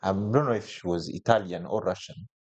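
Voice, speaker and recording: Speaking a little fast in a husky voice, a man recounts a personal story on a podcast as a guest. He's animated, restarts frequently, and his pitch leaps when he quotes other people.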